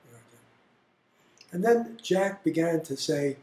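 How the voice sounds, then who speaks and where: A man's voice: on the high side, normal speed, pauses often. Blunt older man telling stories, roomy. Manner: animated, blunt storyteller. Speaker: interviewee. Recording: roomy echo.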